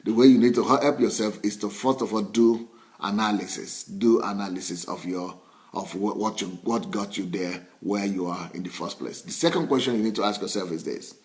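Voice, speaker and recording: A man's voice: lowish voice, moderate pace, a little mellow. A middle-aged man, a pastor, preaching a sermon in a conversational way, repeating key phrases and chuckling between points.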